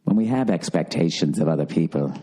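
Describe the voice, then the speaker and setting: A man's voice: rumbling low, animated, a little fast, husky, pitched below the performer's own voice, heavily acted. A man putting on the voice of a soothing male meditation guide with a British accent. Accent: British (put on). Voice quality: soft, soothing.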